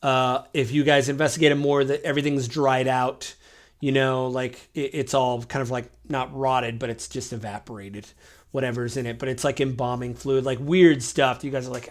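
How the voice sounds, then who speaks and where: A man's voice: medium pitch, little pitch movement, moderate pace. A man running a tabletop game as game master, narrating loosely with lots of fillers. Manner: loose, rambling, full of fillers.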